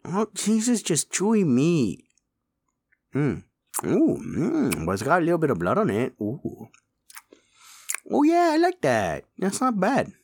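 A man's voice: a little high, huge pitch swings, a little slow, a little mellow, slightly rough, pitched above the performer's own voice, exaggerated voice. A man voicing a small, hungry male chupacabra who is cheeky and boastful, slipping Spanish words into his English. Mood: savoring. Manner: mixes Spanish words into English, whiny and pushy. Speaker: voice performer.

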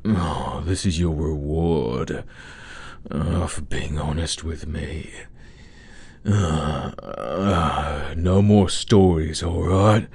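A man with a deep, breathy voice murmurs his way through an adult audio role-play, right up against the mic. He drags out every word at a very unhurried pace, teasing and giving orders without ever rushing. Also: darkish tone.

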